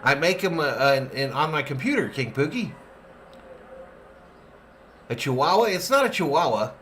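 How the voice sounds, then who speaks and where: Bright-voiced and a little high, a man calls a live game at normal speed as a fan host. He's animated and full of jokes, reading his chat's names aloud, and there's a slight hiss or hum on the audio.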